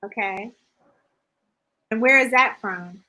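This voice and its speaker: A woman hosts an interview with a curious, affirming manner and often checks how names are spelled. Her voice is bright and sits a little high. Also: slow pace, rough recording. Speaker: host.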